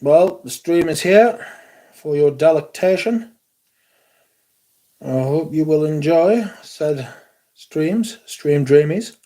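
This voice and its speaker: A man's voice: a little high, expressive, slow pace, long pauses, dark tone. A man hosting a casual livestream, sweary and grumbling about technical trouble before greeting his viewers. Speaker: livestream host.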